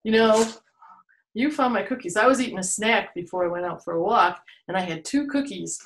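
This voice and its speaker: A woman's voice: mid-range voice, fairly quick, slight background noise. A woman hosting a children's storytime for an online video, playful and full of exaggerated exclamations. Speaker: children's museum storytime host. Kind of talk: children's storytime, told to camera. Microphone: video recorded for online viewing.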